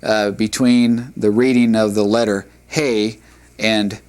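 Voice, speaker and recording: A male teacher speaking very slowly and deliberately. His voice sits on the low side as he reads practice words aloud one by one, with long gaps between them. Now and then he stops to correct himself. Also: fairly even intonation, a little mellow, smooth. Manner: slow and deliberate, sounding out words one at a time with long pauses, self-correcting. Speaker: Hebrew teacher. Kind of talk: recorded language lesson, reading practice words aloud.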